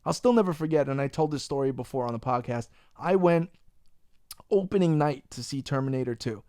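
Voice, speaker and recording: A young man hosting a podcast, animated and profane, ranting in casual chat. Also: mid-range voice, a little fast, clean tone, dry recording, clean studio sound. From Long Island, New York. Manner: profane, animated ranting, says "bro" a lot. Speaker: podcast host.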